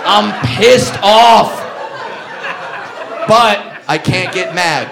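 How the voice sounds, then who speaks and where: A man doing a stand-up routine, ranting and shouting profane punchlines on a club stage. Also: high voice, animated, moderate pace. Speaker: stand-up comedian. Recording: live noisy comedy club.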